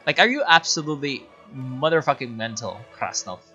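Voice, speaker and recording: A man's voice: mid-range voice, animated, moderate pace, hardly any pauses, sharp tone, lo-fi sound, soft background music. A young man whose first language is Italian, chatting casually and joking while he streams a strategy game and reads out messages from his chat. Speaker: gaming streamer. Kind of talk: casual live game commentary.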